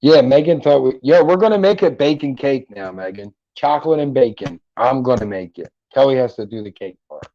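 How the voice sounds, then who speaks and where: Fairly quick and with few pauses, a middle-aged man speaks expressively in a mid-range voice while hosting a livestream. He jokes casually and profanely about viewers' live comments, using headphones and a mic at his computer. There is no echo, but the audio sounds dull.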